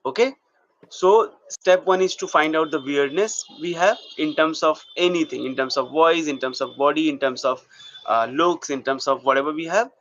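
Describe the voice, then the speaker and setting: A male acting coach leads his class through an exercise, laying it out step by step and stopping to ask whether it is clear. His voice sits a little high. The recording is dull and lo-fi. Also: moderate pace, a bit bright, dry recording. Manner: explains step by step and checks in with the class.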